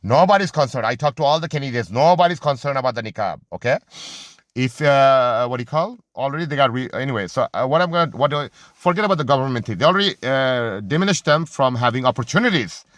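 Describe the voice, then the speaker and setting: Halting, argumentative man talking off the cuff. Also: mid-range voice, lively intonation, a bit bright, no room sound, clean studio sound. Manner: halting, searches for words, many restarts and fillers; impassioned, argumentative. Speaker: commentator on religion and society. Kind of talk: unscripted rambling monologue.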